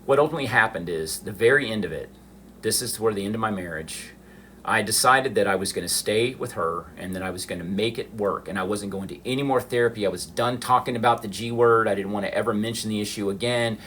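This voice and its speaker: A middle-aged man with a fairly low voice recounts a painful chapter of his life on a phone livestream. He speaks emotionally and haltingly, often stopping and restarting his sentences. A faint hum of the room sits behind him. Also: fairly bright tone. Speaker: livestream host. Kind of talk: personal storytelling on a livestream.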